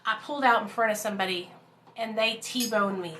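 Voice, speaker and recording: A woman's voice: mid-range voice, brisk, very noisy. A woman, casually telling her life story to viewers at home, calling them y'all. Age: 30s. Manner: chatty, addresses viewers as y'all and you guys.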